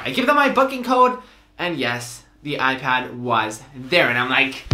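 A young man telling a story in a vlog, excitable and animated, acting out the dialogue. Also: medium pitch, moderate pace, echoey room, loud music behind the voice. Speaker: vlogger.

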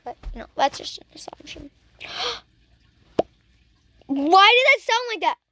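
A woman's voice: extremely high pitch, sing-song, a little slow, bright, forceful tone. A young woman chatting casually as she reacts to videos, teasing and talking back at the screen.

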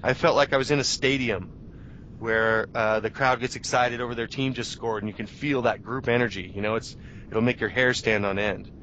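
Brief: thirties male guest, animated storyteller, mid-pitched voice, muffled lo-fi radio sound, faint hiss. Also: moderate pace. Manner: animated storytelling with restarts and self-talk. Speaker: interview guest, journalist. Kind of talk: casual radio interview. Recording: dull lo-fi radio audio.

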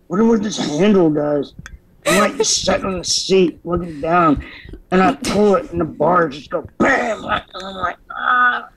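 A man's voice: on the high side, noisy background. A man guesting on a podcast, casually telling stories and acting out his own past dialogue with energy. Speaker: podcast guest, former stuntman. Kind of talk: casual storytelling.

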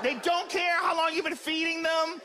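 A man doing a stand-up comedy routine, profane and animated, often shouting. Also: extremely high pitch, normal speed, background noise. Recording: loud music and crowd laughter. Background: crowd laughter, music.

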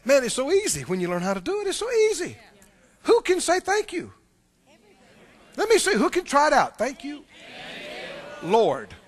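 High, animated male preacher. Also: fairly quick, long pauses. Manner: animated, quizzing the congregation. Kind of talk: sermon.

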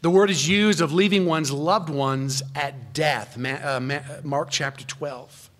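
A male pastor delivers an earnest expository sermon in a fairly high voice. He swings from loud, rising emphasis down to low, quiet asides, and sometimes stops to correct himself mid-sentence. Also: a little slow. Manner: rises in pitch and volume for emphasis, then drops low and quiet.

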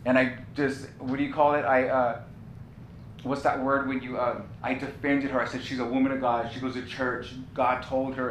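A male pastor preaching a sermon, telling a personal story with passion and repeating key phrases. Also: fairly bright tone. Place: church sanctuary. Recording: echoey church room with faint rumble.

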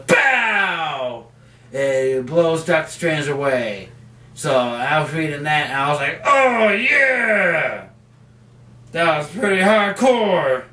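A man's voice: fairly high pitch, a little hiss or hum. A man casually reviewing comics at home, rambling with lots of fillers and restarts. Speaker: comic book vlogger. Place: home basement. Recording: roomy, mic at a distance.

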